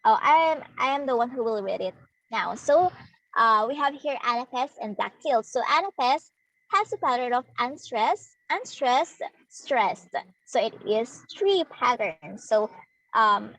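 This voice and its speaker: A young woman from the Philippines with a Filipino accent, giving a demo class lesson as a student teacher, explaining slowly with pauses and fillers. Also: a little high, animated, fairly bright tone, rough recording. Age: young adult. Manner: slow, hesitant, explaining to students.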